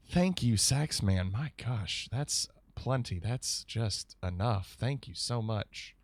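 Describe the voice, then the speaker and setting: Lively guy streamer, slow easygoing talk, reacting to alerts, dry close sound. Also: on the low side, no room sound. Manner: chatty, animated, reacting to viewer alerts. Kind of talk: casual live-stream chat.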